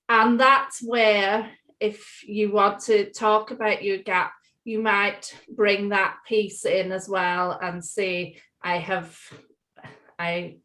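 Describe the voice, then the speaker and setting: Woman co-hosting a video call workshop, talks slow, upbeat, laughs a lot. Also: mid-range voice, fairly bright tone, rough recording. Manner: upbeat, laughs easily, practical. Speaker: workshop co-facilitator. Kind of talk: online workshop talk.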